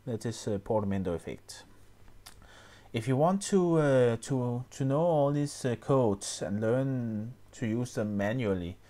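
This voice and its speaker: A man explaining music software step by step, often pausing with fillers and restarting his sentences. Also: mid-range voice, lively intonation. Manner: hesitant, many fillers and restarts. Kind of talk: screen-recorded tutorial.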